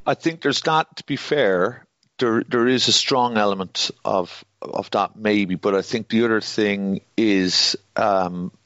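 A man with an Irish accent, a podcast guest in casual chat, telling stories in a lively, jokey way. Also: lowish voice, dry recording, lo-fi sound. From Ireland. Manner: lively, jokey, quick-talking.

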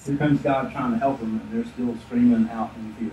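Joking pastor in an echoey room. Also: male voice, mid-range voice, brisk, hardly any pauses, a little hiss or hum. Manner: lively, joking storytelling. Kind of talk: sermon. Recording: echoey room, distant mic.

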